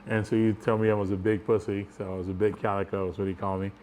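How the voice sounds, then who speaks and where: A man's voice: fairly low pitch, level tone, rapid-fire, a little mellow, slight background noise. A man telling a personal story in a casual, rambling way, chuckling as he goes. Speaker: vlogger.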